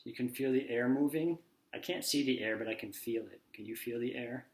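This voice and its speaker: A man teaching a children's phonics lesson, sounding out letters one by one and acting out each word. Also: mid-range voice. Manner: slow, sounds out letters and acts out words.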